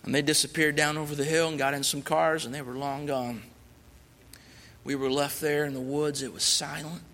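A man shares his testimony from the pulpit in an earnest, emphatic way. His voice is fairly high, bright and forceful. The church adds a long, lingering reverb. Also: flat delivery, moderate pace. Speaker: missionary guest speaker. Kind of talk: sermon testimony. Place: church sanctuary.

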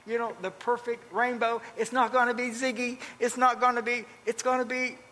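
High, bright-voiced older preacher man. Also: moderate pace. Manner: folksy, animated storytelling with repeated phrases. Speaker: pastor. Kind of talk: storytelling sermon. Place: church. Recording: long reverb.

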